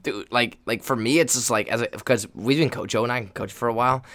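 A young man, a volleyball player co-hosting a casual chat, telling animated stories with quoted voices and frequent laughter. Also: medium pitch, quick pace. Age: young adult. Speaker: volleyball player and podcast co-host.

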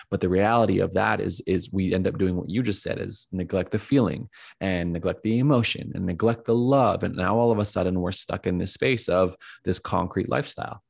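A man's voice: low voice, gravelly, darkish tone, husky, no room sound, studio quality. A man hosting a podcast, talking earnestly in a reflective conversation, often searching for words with fillers and restarts. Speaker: podcast host.

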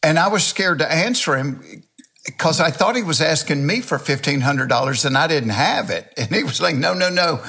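A man's voice: on the high side, moderate pace, gravelly, breathy edge. An older man with a Southern US accent, telling folksy, self-mocking stories as a comedian guest in an interview. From Georgia, US. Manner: folksy, animated anecdotes with self-mocking humor. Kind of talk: storytelling interview chat.

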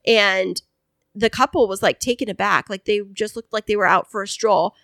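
A woman's voice: mid-range voice, moderate pace, dry recording. A woman co-hosting a podcast, casually chatting and telling a story with lots of fillers and acted-out voices. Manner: chatty, animated storyteller who acts out voices. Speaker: podcast co-host.

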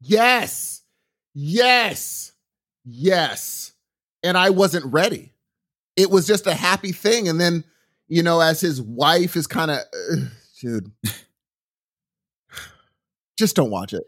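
A middle-aged man on a casual podcast, telling a long story with lots of restarts and asides. His voice sits a bit high for a man, and his tone keeps swinging up and down as he gets worked up. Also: slow pace, pauses often. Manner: rambling, animated storytelling with restarts. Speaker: podcast co-host. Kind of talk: casual chat.

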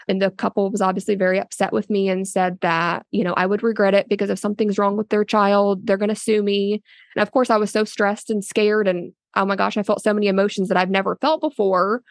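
A woman speaks as an interview guest, telling her story in an earnest, loose way full of fillers and restarts. Her voice sits in a middle pitch. The recording is dry and close, with no room echo. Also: flat delivery, quick pace, vocal fry. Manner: often quotes others in a raised voice. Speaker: interviewee, a surrogate. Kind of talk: casual spoken interview.

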